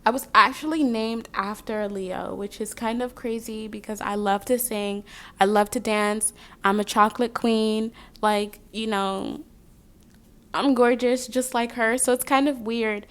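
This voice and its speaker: A woman's voice: on the high side, fairly even intonation, measured pace, a bit bright. A young woman giving a casual tarot reading, chatty and rambling, drifting off on tangents between the cards. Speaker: tarot card reader.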